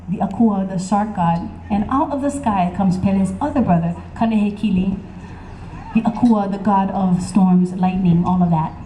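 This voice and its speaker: A woman tells a legend to a live crowd, chatty and teasing. Her voice is mellow and warm. It echoes across an open-air stage with faint ambience behind. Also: medium pitch, slight background noise. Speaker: storyteller. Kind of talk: live oral storytelling to an audience. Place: outdoor concert stage. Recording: echoey outdoor stage sound.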